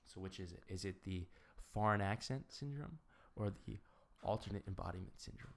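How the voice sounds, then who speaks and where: A man casually hosting a guessing game with a friend, reading clues slowly, stumbling over words and giggling. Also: low voice, creaky. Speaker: quiz host of a guessing game. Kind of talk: casual chat.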